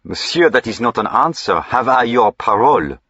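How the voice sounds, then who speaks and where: A man voicing a suave gentleman highwayman with a French accent, polite, ironic and commanding, in an audiobook reading. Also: animated, moderate pace, breathy edge, dry recording, lo-fi sound, exaggerated voice.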